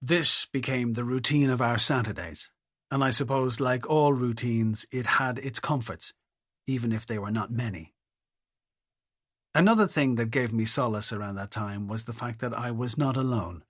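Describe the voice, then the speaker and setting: A man's voice: medium pitch, moderate pace, a bit bright, no room sound. A middle-aged man narrating an audiobook in the first person, with wry, dry humour.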